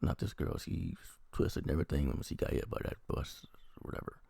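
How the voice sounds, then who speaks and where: A man's voice: fairly quick, mellow, dry recording, studio quality. A man from the American Midwest casually reviewing a TV episode while feeling unwell, rambling and sarcastic, with frequent swearing.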